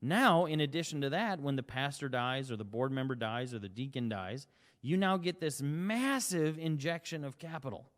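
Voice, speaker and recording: A man's voice: medium pitch, animated, moderate pace, in a large hall. A man giving an emphatic sales presentation, asking rhetorical questions and acting out short dialogues. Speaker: company CEO presenting.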